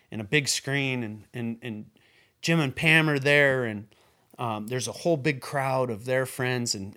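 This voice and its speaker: A man recalling his work as a filmmaker in a casual, halting way, full of restarts, his voice dropping soft at emotional points. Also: lowish voice. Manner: halting and repetitive, many restarts and fillers; earnest, voice drops soft when moved. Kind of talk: casual spoken recollection.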